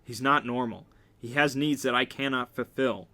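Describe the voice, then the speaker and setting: Bright-voiced man reading a novel aloud. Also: medium pitch, moderate pace. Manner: wry reading with joking asides. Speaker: reader.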